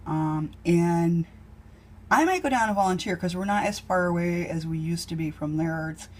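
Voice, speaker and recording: A woman's voice: on the low side, expressive, moderate pace. A woman chatting casually while cooking in her home kitchen, rambling with lots of ums. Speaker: home cook vlogger.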